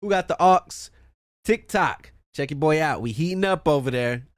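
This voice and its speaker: A man's voice: on the high side, lively intonation, normal speed, no room sound, clean studio sound. A man hosting a solo podcast in a room with a fan running, talking casually and profanely, joking as he plugs his channels. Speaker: podcast host.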